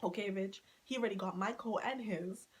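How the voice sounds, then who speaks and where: A woman talks straight to her followers in a casual storytime. Her delivery is animated and full of swearing, and she keeps acting out the lines of the people in her story. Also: mid-range voice, a little fast, poor audio. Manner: animated, swears freely, laughing, acting out quotes. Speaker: storytime vlogger.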